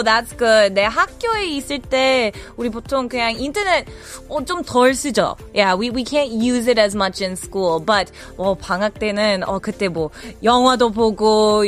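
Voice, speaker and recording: Brisk female radio host, a bit high-pitched, flips between English and Korean, giggles a lot, studio mic. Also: a bit bright. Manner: switches between English and Korean, reads listener comments, laughs easily. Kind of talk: casual bilingual radio chat.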